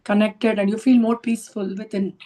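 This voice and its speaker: A woman in the audience answers briefly and calmly. Her tone is mellow and soft. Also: medium pitch, brisk. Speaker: audience member.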